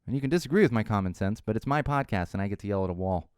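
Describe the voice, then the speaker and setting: A man hosting his own podcast, talking solo in an animated, ranting way and mocking other people's voices. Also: fairly low pitch, very fast, smooth, dry recording, studio quality. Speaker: podcast host.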